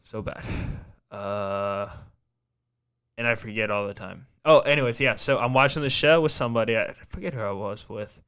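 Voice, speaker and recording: A man's voice: on the low side, normal speed, pushed and bright, clean tone. A man hosting a podcast, talking in a casual, rambling way with a heavy stutter and frequent restarts. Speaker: podcast host.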